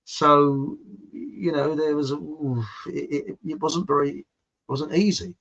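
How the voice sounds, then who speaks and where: A man's voice: on the high side, fairly even intonation, slow pace, fairly bright tone. A man telling a long story in a casual, meandering way, with frequent restarts. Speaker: channel host telling a story. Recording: dull lo-fi home recording.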